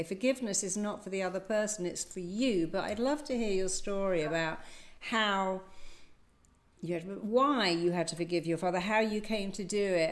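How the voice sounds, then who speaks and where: A woman in the interviewer's seat asks long, open questions in a mid-range voice. She keeps the talk going with soft murmurs of agreement. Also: mid-range voice. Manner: warm and encouraging, with many listening murmurs.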